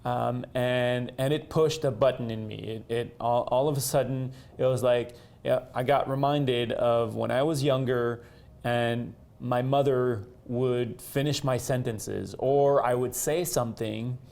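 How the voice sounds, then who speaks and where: A man with a gravelly, mid-pitched voice talks through a personal memory. His first language is French, and he often stops and restarts, repeating words as he searches for them. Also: fairly even intonation, unhurried, a little mellow. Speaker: co-host. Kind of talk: reflective conversation.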